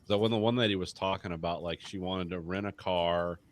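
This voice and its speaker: A man's voice: low voice, fairly even intonation, a little fast. A man co-hosting a podcast, chatting casually, rambling and swearing freely. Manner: rambling, profane, quotes people in put-on voices. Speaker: podcast co-host. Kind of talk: casual chat.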